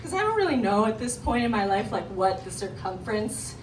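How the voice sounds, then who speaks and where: A young woman performing a stand-up comedy set, telling a story in an animated way with voiced quotes. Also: medium pitch, a little fast. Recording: roomy live venue from a distance, audience noise.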